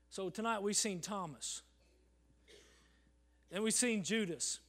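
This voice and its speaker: A man preaching a sermon in a church service, swinging from loud calls to hushed near-whispers and calling "Amen?" to the congregation. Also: sits high, slow, pauses often. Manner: acts out congregants in quoted voices, asks the crowd "Amen?".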